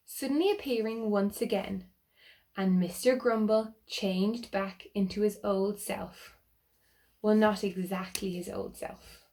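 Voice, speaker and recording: A woman reading a picture book aloud to children, animated and asking them questions. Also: mid-range voice. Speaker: children's storyteller.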